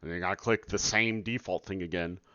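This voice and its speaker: Late at night at home, a man streams his game development and chats casually with viewers as he works, exasperated, sarcastic, and swearing often. His voice is deep, steady, fast, bright, and forceful. The lo-fi recording sounds dull and has no room sound.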